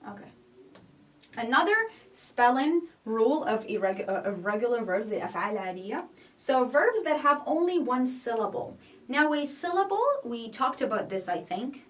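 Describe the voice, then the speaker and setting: A woman whose first language is not Arabic teaches an English grammar lesson, patiently repeating each point and checking in with "okay?". Her voice is a little high and sing-song, she talks fairly quickly, and the mic sounds distant.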